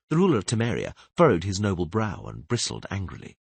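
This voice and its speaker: A male narrator reads a fantasy audiobook with expressive, measured delivery. His voice is husky, and his pitch swoops widely from line to line. The close studio recording is dry. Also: dry recording. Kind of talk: scripted narration.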